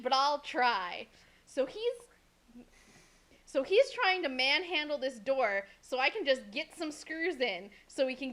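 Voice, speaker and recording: A young woman co-hosting a podcast, telling a story in a casual, animated way, swearing freely and acting out what people said. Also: sits high. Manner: animated, swears a lot, acts out quotes. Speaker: podcast co-host.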